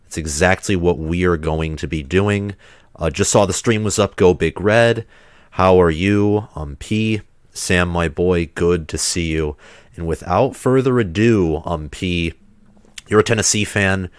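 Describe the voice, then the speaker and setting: A man's voice: low-pitched, a little slow, clear, resonant tone, no echo, studio quality. A man hosting a livestream while sick, chatting in a rambling, casual way with loose restarts. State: sick, under the weather. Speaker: livestream host.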